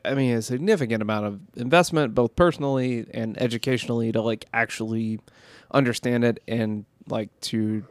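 A man co-hosting a beer podcast, thinking out loud with plenty of likes and pauses. His voice has a middling pitch. The recording is close and dry. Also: no echo. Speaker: podcast co-host. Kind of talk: casual chat.

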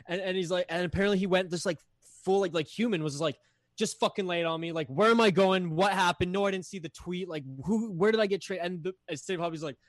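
A man with a higher-than-usual voice talks fast in a loose, profane podcast chat and acts out other people's lines as he tells a story. The sound is dry and close to the mic, with faint music underneath. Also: dry recording. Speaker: podcast guest, network host.

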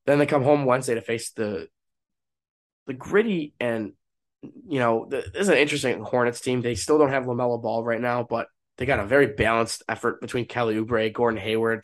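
A man's voice: medium pitch, steady tone, a little fast. A young man, stuffed up with a cold and a cough, talking alone on his sports podcast in a casual, rambling way that gets hyped at times. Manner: casual, restarts often, rises to hype. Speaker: podcast host. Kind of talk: solo sports podcast talk.

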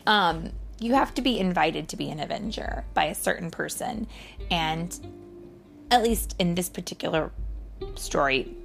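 A woman reading a storybook aloud to a child, gently explaining words and story as she goes. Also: on the low side, expressive, moderate pace, creaky, faint music behind.

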